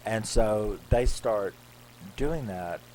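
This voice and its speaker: A man's voice: fairly low pitch, very slow, a little mellow, a little hiss or hum, low-quality recording. A man casually retelling a horror film's plot in a rambling way, acting out the characters' lines. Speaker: horror film reviewer. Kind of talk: casual movie recap.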